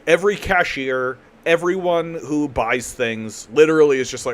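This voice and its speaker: A Canadian man hosts a live political commentary stream, speaking casually and sarcastically at a moderate pace in a fairly high voice. He swears freely and often restarts his sentences.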